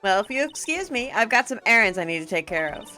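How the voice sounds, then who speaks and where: A woman's voice: medium pitch, sing-song, fast, bright, forceful tone, soft background music, voice pushed up. A woman voicing a doting, flirty wife with a French flair, in a gushing, sing-song manner.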